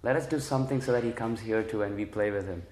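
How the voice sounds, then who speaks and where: A man's voice: fairly low pitch, fast, a little mellow, close to an everyday voice. Guy doing loving milkmaid women, fond and pleading, in an echoey room. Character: adoring village milkmaids, women, devoted and playful.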